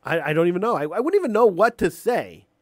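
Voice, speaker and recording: A man's voice: high-pitched, big pitch swings, fast talker, no echo, clean studio sound. A man hosting a call-in show, delivering an opinionated monologue with emphatic restarts and repeated words.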